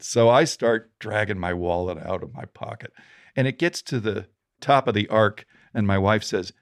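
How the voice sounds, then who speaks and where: A middle-aged man with a low, gravelly voice talks through storytelling advice as a podcast guest. He is animated and acts out the people in his stories. The sound is close and dry. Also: normal speed, no room sound.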